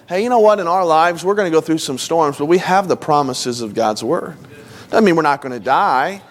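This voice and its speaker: High-voiced man preaching conversationally. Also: animated, fairly quick. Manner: informal, asks the audience questions. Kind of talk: conversational Bible teaching.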